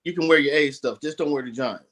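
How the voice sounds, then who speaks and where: A man in casual chat, chiming in with short, relaxed replies and advice. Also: a little high, fast.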